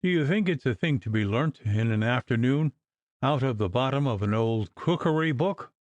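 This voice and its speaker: A man's voice: mid-range voice, expressive, moderate pace, no room sound, lightly acted. A man reading the part of an irritable, sneering male doctor who scolds with biting scorn. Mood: scornful.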